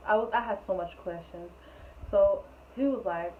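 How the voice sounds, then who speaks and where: A woman telling a storytime vlog in an animated, rambling way, full of "like", on a tinny, phone-like recording. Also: medium pitch, normal speed. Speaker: vlogger. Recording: tinny phone-like sound, faint hiss.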